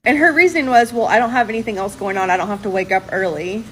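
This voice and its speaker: A woman's voice: medium pitch, fast, fairly bright tone, a little hiss or hum, rough recording. A woman telling a personal story in an exasperated tone, swearing for emphasis. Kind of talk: storytime vlog.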